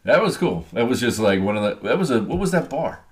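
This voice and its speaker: A man's voice: medium pitch, big pitch swings, quick pace. A man co-hosting a casual sports podcast, easygoing, chuckling and answering with short replies. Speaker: podcast co-host.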